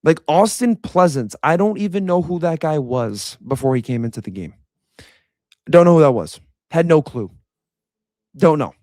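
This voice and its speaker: Young male fan commentator, blunt and animated, slightly high voice, dry and close. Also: normal speed, no room sound. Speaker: sports commentator. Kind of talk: casual reaction rant.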